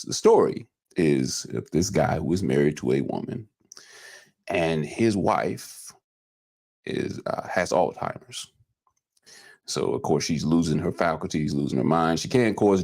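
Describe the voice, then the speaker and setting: A man with an extremely deep, gravelly voice hosts a podcast in easygoing casual chat. He steers the talk from one topic to the next. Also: darkish tone. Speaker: podcast host.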